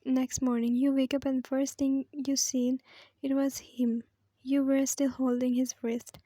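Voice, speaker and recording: A woman reads a fan fiction story in a soft, often whispery manner. Her voice is high and flat, with a mellow tone. The sound is dry and close. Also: a little slow, no echo. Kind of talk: second-person fan fiction reading.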